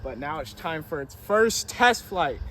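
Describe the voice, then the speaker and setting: Male vlogger, high and very animated delivery, playful and self-deprecating, noisy outdoor sound. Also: unhurried, recorded from a distance. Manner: playful, self-mocking, excitable. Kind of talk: joking vlog commentary. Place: outdoors and in a workshop.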